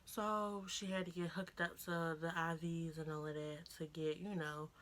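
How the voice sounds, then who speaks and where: A young woman talking casually to camera in a vlog, pausing often and getting choked up. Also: low-pitched, level tone. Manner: informal, pausing, soft laughs. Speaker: vlogger.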